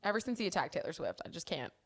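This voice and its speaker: A woman's voice: fairly low pitch, big pitch swings, racing, creaky. A young woman co-hosting a podcast in casual chat, dropping wry, sarcastic quips. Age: young adult. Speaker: podcast co-host.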